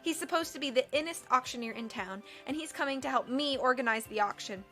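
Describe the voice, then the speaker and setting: A woman's voice: high-pitched, fast talker, bright, forceful tone, soft background music. A woman reading aloud and voicing a vain, bossy rich woman obsessed with what is fashionable, in a haughty, dismissive way. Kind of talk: audiobook character voice.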